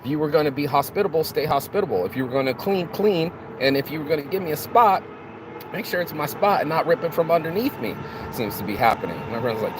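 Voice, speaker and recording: A man's voice: medium pitch, animated, fast. A man giving an unscripted motivational talk, asking rhetorical questions and often restarting his words. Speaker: motivational vlogger. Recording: outdoor traffic noise.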